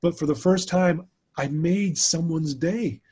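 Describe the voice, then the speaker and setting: A man's voice: a little high, measured pace, darkish tone, husky. A middle-aged man, a podcast guest, telling a personal story in an earnest, emotional way, often restarting his sentences.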